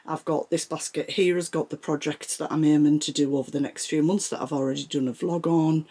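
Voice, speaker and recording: A woman's voice: sits low, steady tone, brisk, dark tone, husky. A woman giving a chatty tour of her home sewing room, a little out of breath as she walks the camera round. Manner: chatty, rambling, shows things as she talks. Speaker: sewing vlogger. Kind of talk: casual room-tour chat.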